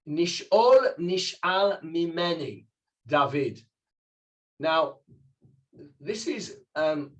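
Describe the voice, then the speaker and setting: A middle-aged man leads an informal Bible class as its rabbi. His voice sits a little high for a man, and he works through the text word by word, turning to the class with questions. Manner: explains Hebrew words step by step, asks the class questions.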